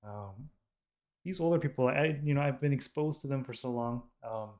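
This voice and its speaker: A man's voice: mid-range voice, normal speed, darkish tone. Rambling man talking to camera. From United States. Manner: rambling, with many ums and self-corrections. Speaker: K-pop reaction channel host. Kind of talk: casual talk to camera.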